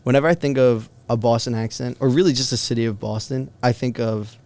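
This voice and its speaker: A man hosting a podcast, asking curious questions in a relaxed casual chat. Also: mid-range voice, quick pace. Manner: curious, easygoing, asks questions. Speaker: host.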